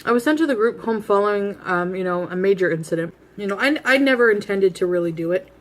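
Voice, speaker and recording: A woman in her thirties tells a long personal story straight to camera in a casual, rambling way. She is blunt and laughs at herself, talking between bites of food. Her voice sits at a middle pitch. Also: fast. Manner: eating while talking. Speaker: vlogger.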